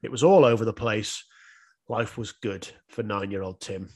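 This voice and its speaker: A man's voice: on the low side, normal speed, darkish tone. A man in his thirties co-hosting a podcast, chatting casually and swearing now and then, laughing often as he reviews an album. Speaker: podcast co-host.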